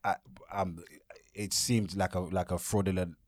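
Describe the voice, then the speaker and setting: A man's voice: sits low, little pitch movement, normal speed, no echo. A young man co-hosting a couple's vlog in casual chat, joking and teasing in an easygoing way.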